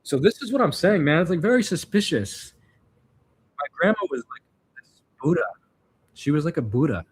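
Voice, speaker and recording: A man's voice: on the high side, big pitch swings, moderate pace, long pauses, slightly rough. A man vlogging, telling personal stories in a rambling, reflective way, full of fillers and restarts. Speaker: vlogger answering viewer questions. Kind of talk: casual storytelling monologue.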